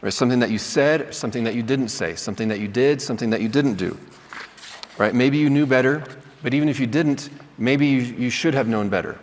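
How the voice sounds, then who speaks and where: A man teaches a class in an easy, conversational way, often pausing to ask "right?" His voice sits in a middle pitch, and it rings with the long reverb of a large hall. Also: slight background noise. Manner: conversational, checks in with "right?", acts out sample apologies. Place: lecture hall.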